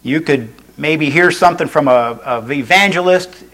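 A man's voice: a little high, normal speed, a bit bright, low-quality recording. A male pastor preaching a sermon in an earnest way. He restates each point and adds folksy asides.

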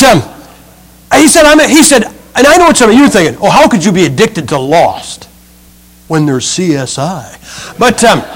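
A man's voice: high-pitched, poor audio. A middle-aged male preacher giving a humorous sermon, acting out the people in his stories. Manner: humorous storytelling, acts out quotes.

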